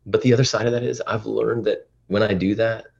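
Deep husky-voiced man, earnest and emotional. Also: steady tone, fairly quick, a little mellow, muffled recording. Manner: earnest, emotional, rambling with restarts. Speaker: podcast guest, dad influencer. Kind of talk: casual interview chat.

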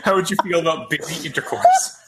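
A man's voice: a little high, wildly swooping pitch, a little fast, a loud crowd, poor audio. A man co-hosting a casual movie riff, trading playful jokes with his co-host. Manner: playful, joking banter.

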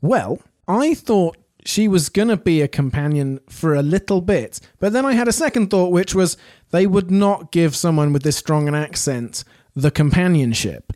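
A man chats on a podcast, quick and jokey, breaking into laughs. His voice sits a bit high. The recording is dry and close. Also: lively intonation, darkish tone, no echo. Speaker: podcast co-host. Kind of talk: casual review chat.

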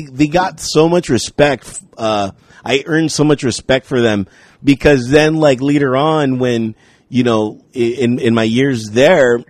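A man in casual conversation tells a story with lots of energy and plenty of swearing, and he acts out other people's lines as he goes. His voice sits a bit high, and the sound is close and dry, with no room echo. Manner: animated storytelling, swearing, acting out quotes. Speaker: guest telling a story. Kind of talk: casual chat.

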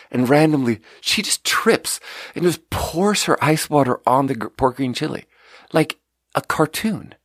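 A man with a Swedish accent telling a restaurant story casually as a podcast host, getting animated and loud when quoting people. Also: no room sound, clean studio sound. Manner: animated, rises to high shouting when quoting the kitchen.

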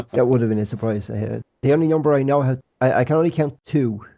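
A man's voice: mid-range voice, brisk, gravelly, highs cut off. A man co-hosting a podcast, chatting casually with dry, joking banter. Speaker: podcast co-host. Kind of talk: casual chat. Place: rented flat abroad.

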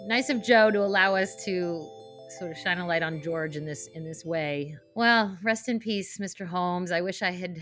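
A woman's voice: on the low side, normal speed, a bit bright, faint music behind. A woman co-hosting a podcast who speaks thoughtfully in a casual, chatty way. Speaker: co-host, magazine editor.

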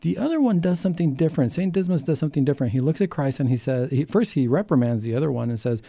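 Dark-voiced earnest male doctor. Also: on the high side, expressive, quick pace, gravelly, dry recording. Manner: earnest explaining, acts out quoted voices. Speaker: doctor and co-host. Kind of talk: faith talk show discussion.

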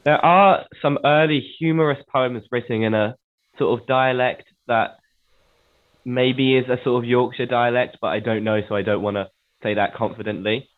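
A man from England co-hosting a casual talk about poetry. He speaks in a measured, hedging way and thinks aloud as he explains. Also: mid-range voice, steady tone. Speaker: podcast co-host. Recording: tinny phone-like line.

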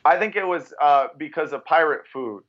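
A brash man co-hosting a podcast who swears freely and calls everyone dude. His voice sits a little high and comes through a dull, lo-fi recording. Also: animated, moderate pace. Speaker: podcast co-host. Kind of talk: casual chat.

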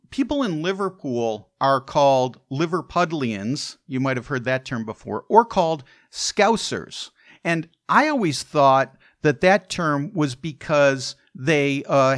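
A man's voice: on the high side, a bit bright, no room sound, studio quality. A man hosting a podcast, telling history in a casual, conversational storytelling way with chatty asides. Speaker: podcast host.

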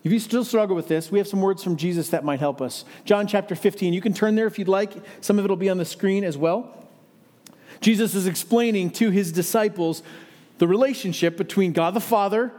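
High-voiced man preaching a sermon. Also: darkish tone. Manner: earnest, emphatic preaching with rhetorical questions. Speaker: pastor.

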